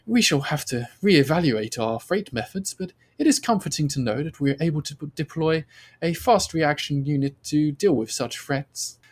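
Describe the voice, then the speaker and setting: A man's voice: on the high side, lively intonation, moderate pace, slightly rough, pitched above the performer's own voice. A man voicing a female commanding officer who gives formal, clipped praise.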